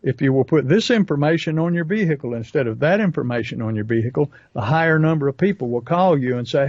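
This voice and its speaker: Man, folksy storyteller, slightly high voice, dry muffled sound. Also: expressive, quick pace, hardly any pauses, darkish tone, no room sound. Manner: folksy storytelling with acted asides. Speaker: podcast co-host and business coach. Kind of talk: casual podcast talk.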